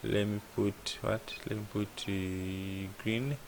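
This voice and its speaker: Gravelly low-voiced man teaching coding. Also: flat delivery, slow, background noise. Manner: thinks aloud, asks "what?" and answers himself. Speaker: programming tutor. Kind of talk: casual screen-share coding lesson.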